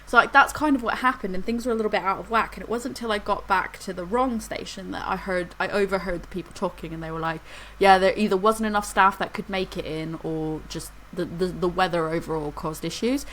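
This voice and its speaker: A woman's voice: lowish voice, steady tone, fairly quick, few pauses, fairly bright tone, a little hiss or hum, low-quality recording. Chatty woman telling a story. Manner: rambling storyteller, laughs through anecdotes. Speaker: podcast co-host. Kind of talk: casual chat.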